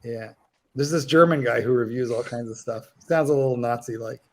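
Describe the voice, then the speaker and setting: A man's voice: medium pitch, fairly quick, a little mellow, poor audio. A man hosting a livestream, teasing and bawdy in casual banter. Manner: teasing, bawdy, laughs a lot. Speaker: livestream host.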